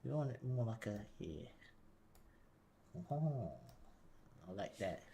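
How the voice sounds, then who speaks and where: Male streamer, quiet and mumbly, hesitant, thinks aloud, sits back from the desk mic. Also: medium pitch, expressive, takes it slowly, a little hiss or hum. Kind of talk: casual live-stream commentary while working. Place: home desk. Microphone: desk mic, sometimes leaning back from it.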